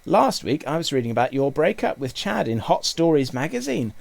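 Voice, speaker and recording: A brash, gossipy grown woman, put on by a man reading a storybook, loud and nosy. The voice pushes high and forceful, with a rough gravelly grain. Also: sing-song, brisk, exaggerated voice.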